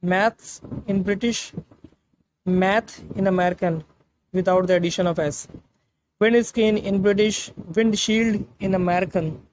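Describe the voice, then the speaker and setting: A man teaching vocabulary, reading a word list in a measured, repetitive way. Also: high voice, fairly even intonation, darkish tone, a little hiss or hum, poor audio. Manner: measured, list-like delivery with repeated phrasing. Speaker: language teacher.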